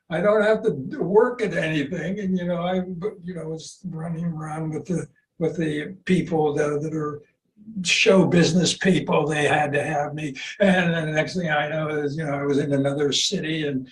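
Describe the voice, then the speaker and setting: A man in his eighties telling stories casually as a qigong teacher, rambling and halting, with restarts and chuckles, heard over a video call. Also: fairly high pitch. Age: 80s. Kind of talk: casual storytelling. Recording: roomy, distant video-call audio with faint noise.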